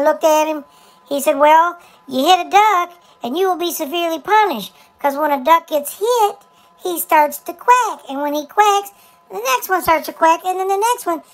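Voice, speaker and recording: A man's voice: very high voice, fairly bright tone, full character voice, low-quality recording. A man voicing Dexter, a chatty boy character who tells a long folksy joke with stumbles and restarts. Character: chatty high-voiced boy named Dexter telling jokes. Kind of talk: comic storytelling to camera.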